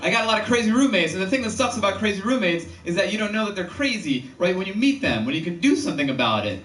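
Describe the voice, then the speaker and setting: A man doing a stand-up comedy set about roommates, acting out characters with excitable shouted bits, recorded at a comedy venue. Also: high voice, fast talker. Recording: echoey room, far from mic, noisy.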